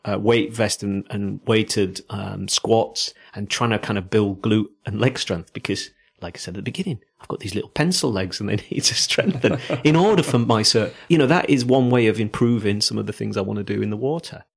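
A man's voice: on the low side, a little fast, creaky, hardly any pauses, husky. A man from South Africa with a South African accent, co-hosting in casual chat. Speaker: podcast co-host.

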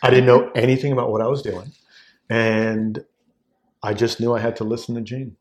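A man in his forties from Southern California, a wine sales executive, telling an anecdote as a guest and acting out the quoted voices. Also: normal speed. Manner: animated, acts out quoted voices with big pitch jumps. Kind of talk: casual anecdotal storytelling.

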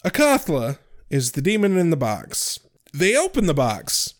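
A man co-hosts a podcast with enthusiastic, swearing banter and quick laughs. His voice is high for a man, and his pitch leaps around constantly. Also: wildly swooping pitch. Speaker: podcast co-host. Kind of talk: casual chat recapping a TV episode.

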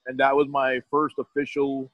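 A man's voice: medium pitch, completely flat delivery, moderate pace, no room sound, muffled recording. A middle-aged man telling his story in a casual, rambling way, often restarting his sentences and quoting others.

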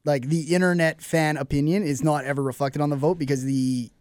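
A man with a fairly high voice riffs on wrestling with friends, joking and laughing through his points. He is miked close with a dry, dead sound. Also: steady tone, fairly quick, a little mellow, no room sound. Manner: chatty, laughs often, jokey. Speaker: podcast co-host. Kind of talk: casual wrestling talk. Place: small studio.

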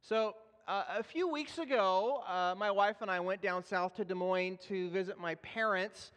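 A man's voice: high voice, normal speed, a bit bright. A man in his thirties, a pastor, preaching in a church in a conversational, self-deprecating way with frequent fillers and restarts. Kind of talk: sermon with personal storytelling. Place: church sanctuary. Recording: echoey hall.

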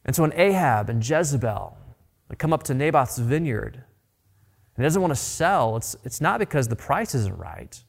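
A man's voice: medium pitch, sing-song, normal speed, creaky. A man preaching a sermon in an earnest way, often repeating words as he builds a point. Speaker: pastor.

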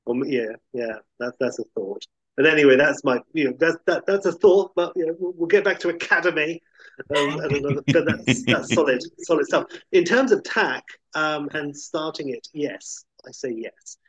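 A man's voice: fairly high pitch, normal speed, slightly rough, dry recording. A man chatting enthusiastically about films, rambling and acting out quotes. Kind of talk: casual chat about films. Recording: dull lo-fi sound.

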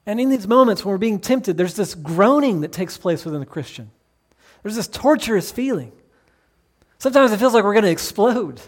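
A male pastor preaching a sermon, earnest and pleading, with many rhetorical questions. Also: high voice.

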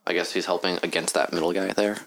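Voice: deep voice, steady tone, fast talker, vocal fry, fairly bright tone, a little hiss or hum. A player in a tabletop game speaking casually with lots of filler words.

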